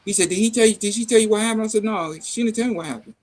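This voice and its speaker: A middle-aged man chatting casually, telling a family story with lively acted-out dialogue and salty slang. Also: sits high, racing. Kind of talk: casual chat.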